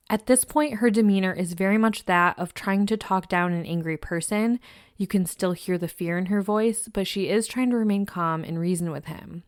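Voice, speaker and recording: A woman hosting a true crime podcast, narrating a case in a measured, somber way. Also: medium pitch, fairly even intonation, smooth, no echo, clean studio sound.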